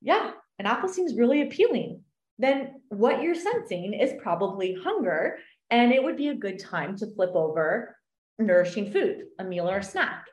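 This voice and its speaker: A woman coach explaining an exercise in an animated podcast chat, acting out little voices in her examples. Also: mid-range voice, normal speed. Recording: roomy echo.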